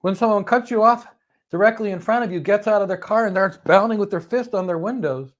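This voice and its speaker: Animated man telling stories. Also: high voice, a little fast. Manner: animated storyteller, swings from loud emphasis to soft calm. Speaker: host. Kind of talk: motivational talk on stress. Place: lives in Florida.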